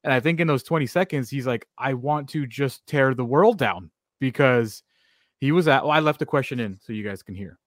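Male co-host for sports radio, mid-pitched, plain delivery, dry studio sound. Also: fairly quick, no echo. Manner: matter-of-fact, reads stats and sets up clips. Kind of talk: casual sports talk.

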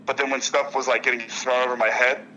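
A man's voice: mid-range voice, little pitch movement, fast talker, sharp tone, dull audio, slight background noise. A young man being interviewed as a ballplayer, telling stories in a rambling way with many restarts. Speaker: guest, professional baseball player. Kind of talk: casual interview conversation.

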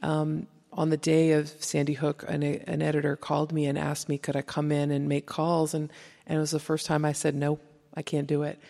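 Woman, reporter, panel talk, gravelly voice, flat delivery, reverberant hall. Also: sits low. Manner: halting, frequent restarts and fillers. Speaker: investigative reporter.

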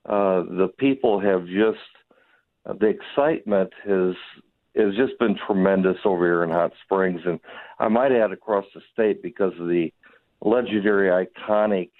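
Hoarse guy calling in on a tinny phone line, lowish voice, excited but halting. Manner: enthusiastic, halting with fillers. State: hoarse, losing his voice. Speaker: phone guest, venue operator. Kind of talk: phone interview. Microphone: telephone.

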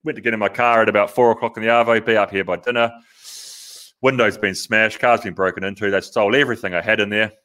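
A lower-voiced Australian man chatting on a podcast. He talks bluntly and plainly, with a casual swear here and there. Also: fairly even intonation, fast talker, sharp tone. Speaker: podcast co-host. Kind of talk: casual chat.

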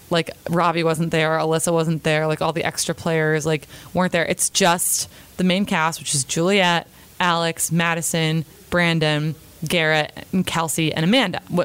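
A woman's voice: on the low side, clean tone, no echo. A young woman casually recapping a reality episode in a chatty, opinionated way, quoting the cast as she goes. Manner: chatty, opinionated, retells scenes with quotes.

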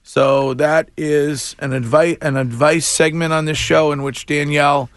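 A man's voice: on the high side, unhurried, dry recording, clean studio sound. Wry, chuckling morning radio host man. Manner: wry, animated, chuckling asides. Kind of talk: casual talk radio banter. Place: radio studio.

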